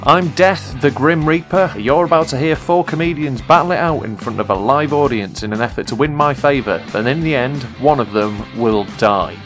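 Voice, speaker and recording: A man voicing a deadpan Grim Reaper. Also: medium pitch, normal speed, hardly any pauses, lightly acted. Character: Grim Reaper, male, dry and sardonic. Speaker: announcer. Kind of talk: scripted comic intro. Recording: soft guitar music behind. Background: faint guitar music.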